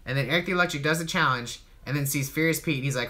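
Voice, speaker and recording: A man's voice: a little high, rapid-fire, pushed and bright. A man hosting a casual livestream, joking and mocking himself with lots of swearing while he cooks. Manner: profane, joking, self-mocking.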